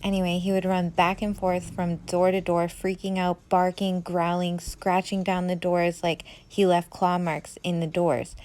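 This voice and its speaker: A woman from Canada telling a personal true story in a casual, chatty way, full of "like" and quiet asides. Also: lowish voice, flat delivery, measured pace, hardly any pauses. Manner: chatty, fills with "like", quiet and hushed.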